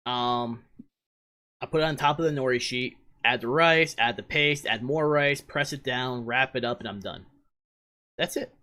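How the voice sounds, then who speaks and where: A man co-hosting a podcast, chatting casually with relaxed, profane banter. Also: medium pitch, moderate pace. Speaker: podcast co-host. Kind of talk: casual chat.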